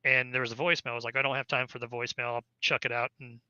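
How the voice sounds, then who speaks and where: A man's voice: mid-range voice, little pitch movement, racing, bright, forceful tone, smooth, no room sound, muffled recording. A man, an army veteran, casually telling a long story in an interview, rambling with many fillers and restarts.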